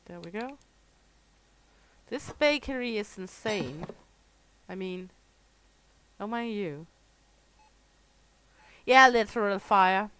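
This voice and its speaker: A woman's voice: medium pitch, slow pace, long pauses, fairly bright tone, smooth, poor audio. A middle-aged Danish woman with a Danish accent, chatting casually and swearing freely while live-streaming a store game. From Denmark. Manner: chatty, swears freely, laughs often, talks to chat.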